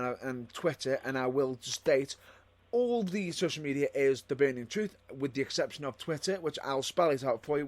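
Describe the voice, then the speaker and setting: A man co-hosting a wrestling podcast in a casual, rambling way, often repeating himself and restarting lines. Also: medium pitch. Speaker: podcast co-host.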